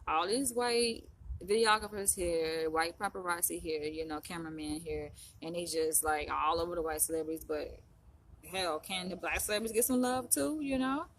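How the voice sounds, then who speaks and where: A woman vlogger in Los Angeles chats casually to the camera in a fairly low voice at normal speed, with a little hiss or hum in the background. She rambles, filling her talk with "you know" and "like."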